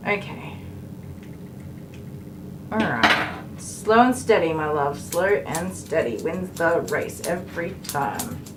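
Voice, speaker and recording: A woman's voice: sits low, animated, takes it slowly, long pauses, loud music behind the voice, rough recording. An Australian woman grooming a dog on a live stream, coaxing it in a soothing way while chatting to her viewers.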